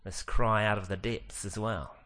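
A middle-aged male pastor preaching, his voice sitting fairly low. He talks earnestly and drags out the words he wants to land. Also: steady tone, fairly bright tone. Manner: earnest, slows down to stress key lines. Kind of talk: sermon.

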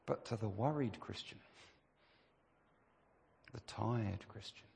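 A man's voice: on the low side, takes it slowly, creaky, mellow. A man preaching a sermon, emphatic and full of rhetorical questions. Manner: emphatic, rhetorical questions, rising to stress key phrases. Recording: long reverb of a church hall.

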